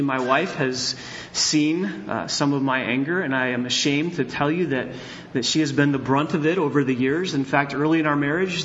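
The recording is muffled with slight background noise, but the man's fairly high, fairly bright voice comes through. He is a middle-aged pastor preaching in a church sanctuary, speaking candidly, telling personal stories, and now and then building to emphatic bursts.

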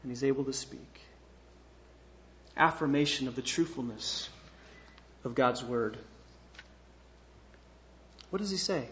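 A man preaching a sermon, reading scripture and explaining it, moving between hushed, slow passages and loud, emphatic ones. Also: medium pitch, highs cut off, a little hiss or hum. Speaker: pastor.

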